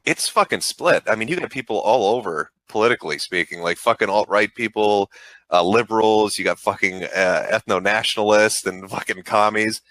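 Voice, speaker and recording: Profane, rambling man, bright tone. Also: lowish voice, moderate pace, dry recording. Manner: profane, rambling, frank advice. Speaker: online show host. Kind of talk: casual call-in chat.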